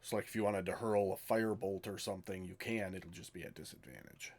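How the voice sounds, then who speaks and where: Game master, man, low voice, matter-of-fact, calm rulings. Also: fast talker. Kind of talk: narrating a tabletop game online.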